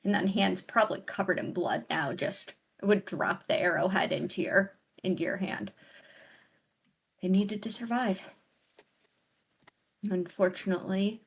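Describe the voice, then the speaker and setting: A female player describing her character's actions in a tabletop game, in a thoughtful, meandering way. Her voice is husky and breathy. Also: on the low side. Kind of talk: casual tabletop play narration.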